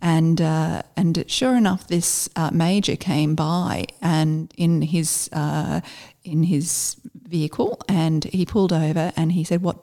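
A middle-aged woman, a former army officer, telling a story in casual conversation, halting and full of fillers. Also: low-pitched, fairly even intonation, gravelly, warm tone. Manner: halting, with many fillers and restarts.

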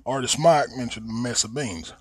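A man's voice: mid-range voice, normal speed, slightly rough, no echo. A man with an Appalachian accent hosting a podcast, talking in a casual, rambling and blunt way and swearing freely. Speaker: podcast host. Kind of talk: casual monologue.

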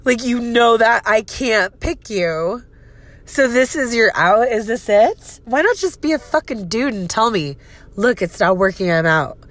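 A woman's voice: fairly high pitch, animated, a little slow. Woman, thirties, solo podcast monologue, emotional, profane, venting. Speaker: podcast host. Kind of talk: casual personal podcast monologue.

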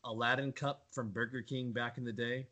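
Bright-voiced man chatting on a podcast. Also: mid-range voice, little pitch movement, fairly quick. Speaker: podcast co-host. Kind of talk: casual chat.

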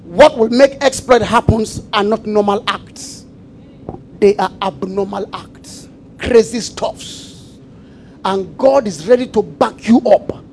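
A man preaching a sermon, repeating phrases and calling for the congregation to answer, shifting between shouts and quiet asides. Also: high voice, a little hiss or hum, rough recording. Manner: emphatic call-and-response preaching with repetition.

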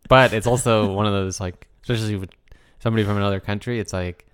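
A man's voice: on the low side, fairly even intonation, fast talker, clear, resonant tone. A man co-hosting a podcast in casual chat, trading wry jokes with his partner. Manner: wry, joking banter. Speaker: podcast co-host.

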